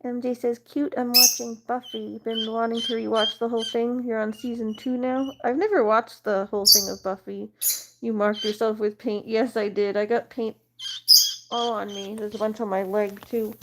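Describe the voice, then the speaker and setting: A woman with a fairly high voice chats casually on a livestream and reads out messages from her viewers. Now and then she coos at her baby chicks in a sing-song baby-talk voice. A steady noise hangs behind her, and little chicks chirp the whole time. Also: normal speed. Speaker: livestream host. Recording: noticeable background noise.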